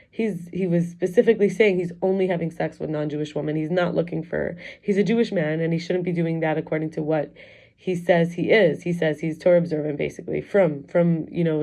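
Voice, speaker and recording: Middle-aged woman, low mellow voice, candid rambling confessional vlog delivery. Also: creaky. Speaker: wellness coach and teacher. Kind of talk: personal reflective vlog.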